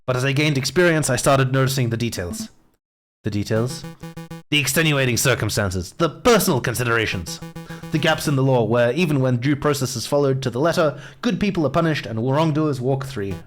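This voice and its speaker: Man reading as a principled rooster prosecutor, measured and earnest, mid-pitched, faint music behind. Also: lightly acted. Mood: reflective.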